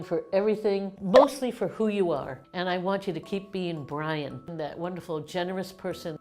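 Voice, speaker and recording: A woman in her sixties from the United States, talking heartfelt and warm to camera in a casual vlog, laughing often. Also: lowish voice. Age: 60s. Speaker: vlogger.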